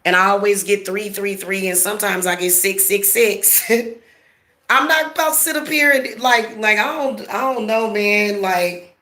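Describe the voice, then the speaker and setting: A woman's voice: mid-range voice, measured pace, sharp tone, reverberant. Blunt, profane woman ranting at home. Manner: blunt, profane, laughing, talks straight to viewers. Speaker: spiritual practitioner vlogger. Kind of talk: casual ranting vlog.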